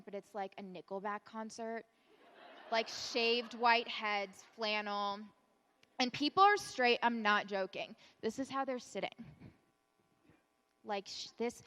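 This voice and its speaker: A woman's voice: fairly high pitch, bright, forceful tone, clear, resonant tone. Chatty young woman in a reverberant hall. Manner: chatty, self-mocking, many "like" fillers. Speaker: keynote speaker. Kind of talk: storytelling keynote talk. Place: conference hall stage.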